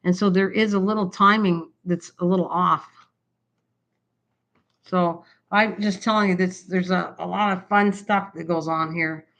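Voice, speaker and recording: Chatty older woman with a bright voice. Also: lowish voice, fairly even intonation, a little slow. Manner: chatty, rambling, often laughing. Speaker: craft livestream host. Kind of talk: rambling casual livestream chat. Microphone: built-in camera mic.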